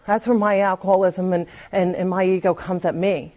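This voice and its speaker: A woman's voice: lowish voice, fairly even intonation, a little fast, few pauses, mellow, muffled recording. A woman speaking candidly at a recovery meeting, giving a confessional personal testimony and often restarting her sentences.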